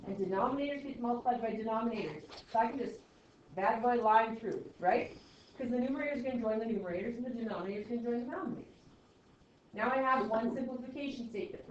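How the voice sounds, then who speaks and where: A woman with a slightly high voice teaches a math class, explaining the steps aloud and tossing playful, sarcastic asides to her students. The classroom audio is echoey, distant, and dull, with slight background noise.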